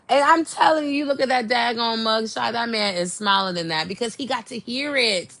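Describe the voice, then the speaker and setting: A young adult woman hosting a podcast, chatting casually and gossiping with animated, swooping exclamations. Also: on the high side, moderate pace. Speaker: podcast host. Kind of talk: casual chat.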